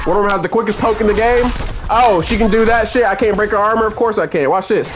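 A young man commentating his own fighting-game run, cursing and swinging between low muttering and loud outbursts at the game. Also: fast talker, soft background music. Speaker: gaming streamer. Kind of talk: live gameplay commentary.

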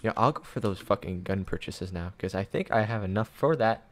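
A young man playing a strategy game at his computer, casually commenting as he swears at it, pleads with it and shouts when things go wrong. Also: fairly low pitch, animated, fairly quick. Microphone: desk mic.

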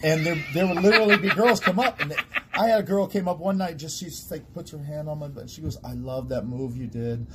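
A man's voice: sits high, quick pace, a little hiss or hum. A man, a guest who works as a stage sound and lighting technician, telling stories in casual chat with lots of laughter and restarts. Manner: laughing storyteller, animated, trailing restarts.

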